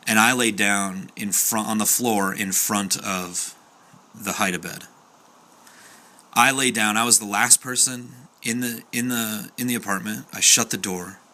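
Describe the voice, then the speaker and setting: A young man tells a story in a relaxed, chatty way. His voice is low but very bright, and he slips into the voices of the people he quotes, padding his sentences with fillers. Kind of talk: casual spoken storytelling.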